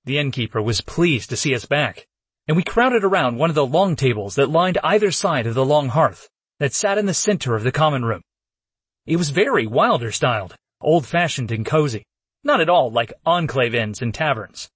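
A man reads a first-person fantasy audiobook in a casual, wry tone. His voice is mid-pitched with a husky texture. The sound is dry and close. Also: expressive, moderate pace, fairly bright tone, no room sound. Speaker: audiobook narrator.

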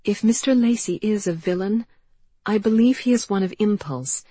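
Brief: wry young lady, dry wit, dark husky timbre, read by a woman. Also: medium pitch, moderate pace, dry recording, voice pushed up, lightly acted. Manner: dry, teasing. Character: witty, sharp-tongued young lady. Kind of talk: audiobook character voice.

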